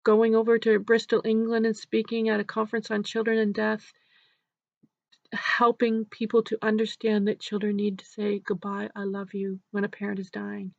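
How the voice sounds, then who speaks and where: A middle-aged woman, a nurse, gently telling a case study, often dropping to a hushed near-whisper. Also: mid-range voice, completely flat delivery, moderate pace, vocal fry, no room sound. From Canada. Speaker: nurse and grief educator. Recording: dry, dull lo-fi recording.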